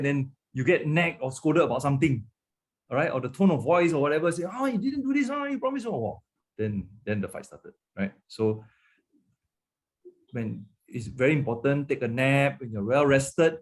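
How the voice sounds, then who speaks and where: A pastor with a Malaysian English accent and a medium-pitched voice teaches a webinar on marriage conversationally through a webinar microphone. He often repeats words and keeps checking in with "okay" and "right".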